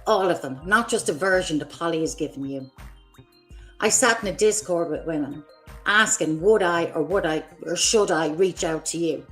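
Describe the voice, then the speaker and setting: A woman's voice: lowish voice, normal speed, a bit bright, faint music behind. A woman hosting her own livestream, delivering an angry, profane, confrontational rant at other creators. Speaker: streamer host.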